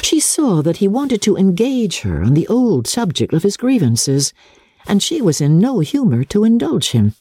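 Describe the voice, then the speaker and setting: A woman's voice: mid-range voice, normal speed, breathy edge, dry recording, clean studio sound. A woman giving a dramatic, theatrical reading of a classic novel as narrator. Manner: expressive, theatrical storytelling.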